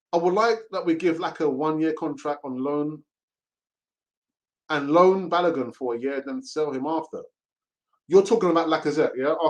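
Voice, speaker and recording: A man hosting a casual live stream, reading chat messages aloud, laughing and mockingly acting out pleading voices. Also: fairly high pitch. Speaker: host of a fan channel reading live chat.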